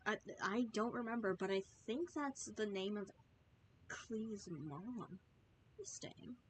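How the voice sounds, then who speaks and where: A woman's voice: a little high, slight background noise. A woman streaming a game, chatting and wondering aloud with little laughs as she plays. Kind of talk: live gameplay commentary.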